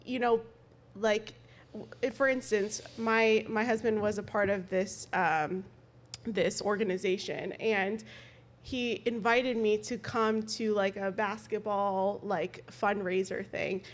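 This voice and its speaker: A woman's voice: mid-range voice, steady tone, slow. A woman on a podcast casually telling a personal story, adding quoted asides as she goes. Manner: chatty, tells personal anecdotes with quoted asides.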